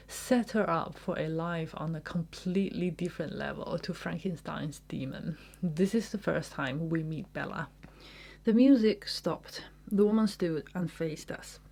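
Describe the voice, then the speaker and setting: Gravelly-voiced woman reading literature aloud. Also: fairly low pitch, darkish tone. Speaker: book reviewer. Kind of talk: literary commentary with read-aloud excerpts.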